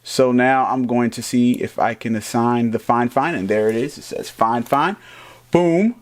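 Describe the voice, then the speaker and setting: A man casually reviewing and setting up a microphone in a playful, animated, jokey way. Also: mid-range voice, a little slow. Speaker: tech reviewer. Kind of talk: casual product review vlog.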